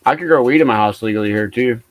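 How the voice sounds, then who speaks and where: A man's voice: medium pitch, fast, no echo. A man joking with crude banter in casual chat on a video call.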